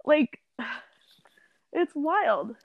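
Young female podcast co-host, chatty and laughing, voice a bit high, close and dry. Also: big pitch swings, very slow, creaky, dry recording, phone-quality sound. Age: young adult. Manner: chatty, laughing, filler-heavy. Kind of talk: casual chat.

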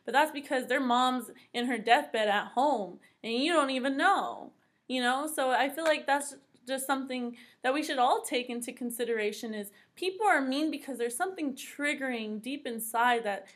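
A woman's voice: high voice, normal speed. A woman who is a guest on a casual podcast, speaking in an earnest, heartfelt way in long stretches.

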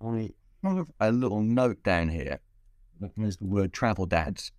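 Male podcast host, lowish voice, playful and rambling, dry close sound. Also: lively intonation, unhurried, a little mellow, no echo. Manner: playful, rambling, with frequent restarts. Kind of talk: casual podcast chat.

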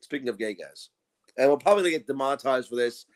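A man's voice: medium pitch, animated, fast talker. A man on a podcast telling a crude comic story, acting out quotes and laughing often. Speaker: podcast co-host.

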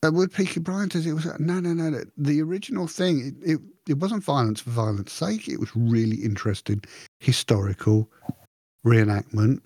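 A man co-hosting a podcast, chatting in a rambling, animated way with frequent restarts. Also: on the high side, normal speed, no room sound, studio quality. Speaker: podcast co-host. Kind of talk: casual chat.

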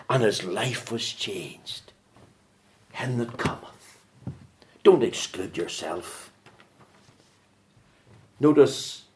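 Fervent preacher. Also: male voice. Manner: swings from loud fervent preaching to low hushed asides. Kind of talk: sermon.

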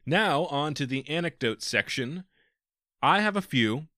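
A man's voice: on the high side, animated, unhurried, sharp tone. A man co-hosting a casual podcast, explaining things matter-of-factly and leading the segments. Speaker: podcast co-host.

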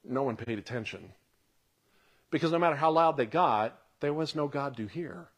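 A man preaching a conversational sermon who reads scripture aloud and comments on it, sometimes dropping to a hush for emphasis and sometimes building with excitement. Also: medium pitch, normal speed. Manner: earnest, drops to a hush for emphasis, then swells with excitement.

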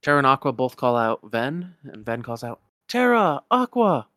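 A man's voice: mid-range voice, brisk, pushed and bright, no room sound, studio quality. A man casually retelling a game's story, rambling and correcting himself as he goes.

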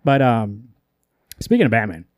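A man's voice: medium pitch, very animated, darkish tone, dry recording, clean studio sound. A man co-hosting a podcast, retelling a comic story in loose casual chat and swearing offhandedly. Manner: rambling, quotes characters in quick asides, curses casually. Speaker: podcast co-host.

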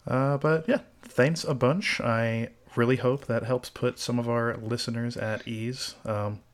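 A man hosting a casual podcast chat, measured and wry with a dry sense of humor. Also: medium pitch, fairly even intonation. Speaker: podcast host.

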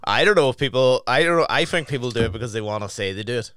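A man's voice: medium pitch, animated, racing, fairly bright tone, clean tone, dry recording, clean studio sound. A man in casual chat, swearing freely and telling stories with laughs. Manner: swearing, storytelling with laughs and acted quotes.

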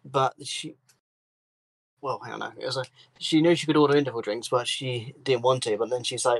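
A man's voice: medium pitch, fairly quick, dry recording, rough recording. A man co-hosting a podcast, telling workplace stories in casual chat and swearing freely. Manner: swears freely, animated storytelling. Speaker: podcast co-host.

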